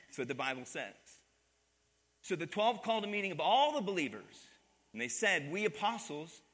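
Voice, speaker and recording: High bright-voiced preacher in a reverberant church. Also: male voice, very animated, moderate pace. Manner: call-and-response preaching, asks the congregation to repeat. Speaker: pastor. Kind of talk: sermon. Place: church sanctuary.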